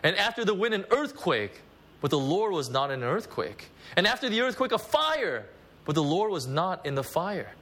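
A man preaching a conversational sermon at a church service, animated and full of asides. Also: sits high, moderate pace. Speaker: pastor.

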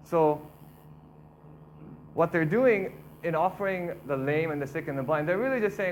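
Man preaching casually, slightly high voice. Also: normal speed, long pauses, noisy background. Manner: relaxed, repeats himself, acts out complaining voices. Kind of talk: casual conversational sermon.

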